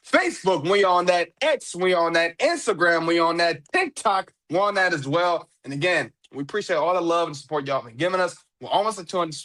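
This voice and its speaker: A high-voiced man hosts his own podcast, riffing casually on his own with lots of energy. He jokes around, laughs often, and hams up getting choked up. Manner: excitable, joking, often laughing, fake choked up. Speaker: podcast host. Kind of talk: casual solo commentary.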